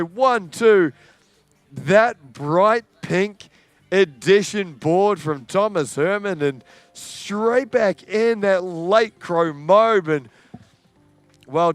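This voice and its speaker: High-voiced aussie commentator, unhurried between bursts, smooth dry sound. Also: male voice, no echo. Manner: excitable, building to shouts on big moments. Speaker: sports commentator. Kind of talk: live sports commentary.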